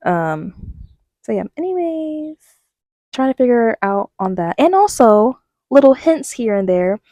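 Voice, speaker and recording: A woman's voice: a little high, a little slow, dry recording. A young woman giving a casual life update on her vlog, telling stories with lots of fillers and acting out quotes. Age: young adult. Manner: animated storytelling, many fillers, quotes herself. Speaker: vlogger.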